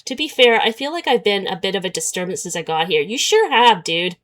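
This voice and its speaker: A woman's voice: medium pitch, big pitch swings, fairly quick, fairly bright tone. A young woman streaming a story game, chatting casually and sarcastically, often breaking into laughter.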